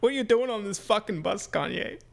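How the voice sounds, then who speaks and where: A man doing a gruff old politician. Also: sits high, animated, brisk, voice pushed up. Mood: grumpy. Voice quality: raspy. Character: gruff older male politician, smoker's rasp.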